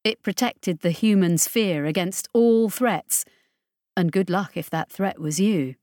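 A woman narrating a science fiction audiobook in a steady, measured way. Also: on the low side, dry recording, clean studio sound. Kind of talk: scripted narration.

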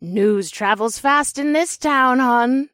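A man voicing a nosy, chain-smoking old woman neighbor with a husky, wheezy voice and mock-sweet cheer in an audiobook story. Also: very high-pitched, slow pace, sharp tone, no echo, studio quality, voice pushed up, full character voice. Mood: sugary nosy. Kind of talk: audiobook character voice.

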